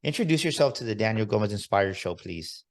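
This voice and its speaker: A man's voice: fairly low pitch, expressive, a little fast, creaky. A man hosting an interview podcast, enthusiastic and motivational, slipping in bits of Spanish. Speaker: podcast host.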